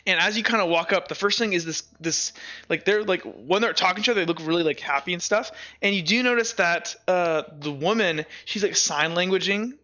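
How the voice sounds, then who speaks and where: A man's voice: high voice, a little fast, pushed and bright, dull audio. A man narrating a tabletop game as game master, rambling with many fillers. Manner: rambling, filler-heavy, laughing.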